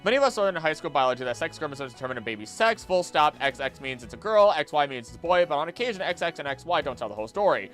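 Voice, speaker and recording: A man's voice: fairly high pitch, sing-song, soft background music. Man speed-reading, prone to heated rants. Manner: skims text aloud quickly with mumbled filler; bursts into loud, heated rants. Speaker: streamer. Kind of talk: casual live-stream chat, reading aloud.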